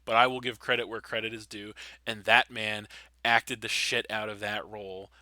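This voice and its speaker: Man, podcast host, low pitch, sharp forceful tone, dry recording, earnest, keeps pressing his point. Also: level tone, moderate pace, no room sound. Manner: earnest, emphatic, insistent on finishing his point. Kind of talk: casual podcast discussion.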